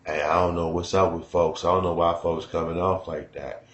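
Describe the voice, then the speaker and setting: A Chicago man imitating a tough older street man in a low, mumbled, disconnected drawl. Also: little pitch movement, moderate pace, reverberant, highs cut off, lightly acted. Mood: nonchalant.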